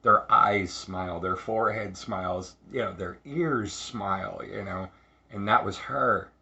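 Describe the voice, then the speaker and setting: A man telling a personal story in a halting, reflective way, repeating words and restarting often. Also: on the low side, creaky, bright, forceful tone, muffled recording. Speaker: speaker sharing recovery story.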